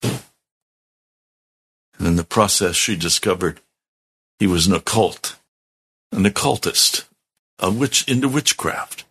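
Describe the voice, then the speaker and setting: A man's voice: low-pitched, expressive, takes it slowly, long pauses, fairly bright tone, slightly rough. A middle-aged man, a pastor, telling his testimony in a sermon, earnest and heartfelt with strong emphasis.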